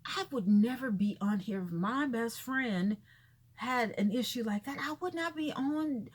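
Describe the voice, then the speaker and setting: Woman, vlogger, casual gossip commentary, blunt, exasperated, husky, slightly high. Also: expressive, a little slow. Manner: blunt and exasperated, repeating herself.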